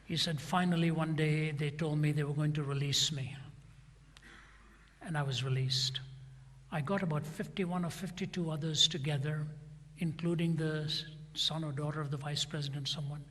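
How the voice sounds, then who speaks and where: Older male preacher, raised husky tone, dramatic storyteller voicing every part; long hall reverb. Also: on the high side, fairly even intonation, normal speed, fairly bright tone. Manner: dramatic retelling, acting out each side of a dialogue. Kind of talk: sermon storytelling.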